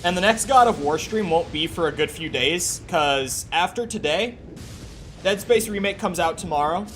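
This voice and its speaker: A man's voice: sits high, expressive, moderate pace, fairly bright tone, a little hiss or hum. A man streaming a game live, chatting casually with viewers and swearing freely while he plays. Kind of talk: live gameplay commentary. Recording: faint music behind.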